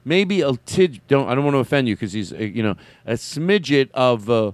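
A man's voice: mid-range voice, lively intonation, normal speed, few pauses, dry recording. Rambling male podcast host. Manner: rambling, playful, slips into impressions. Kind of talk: comedy podcast chat.

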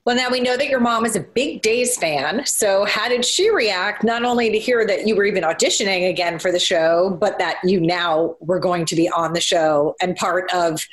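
A woman host asking an actor questions in a brisk, friendly interview style. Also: medium pitch.

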